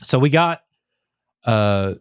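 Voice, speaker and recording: A man's voice: mid-range voice, lively intonation, slow, smooth, dry recording, clean studio sound. A man with an Appalachian accent co-hosting a casual podcast, chatty and full of fillers and emotional asides. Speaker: podcast co-host.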